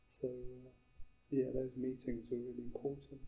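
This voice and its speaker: Man, reflective guest, measured and earnest, monotone, muffled lo-fi sound. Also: mid-range voice. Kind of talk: reflective conversation.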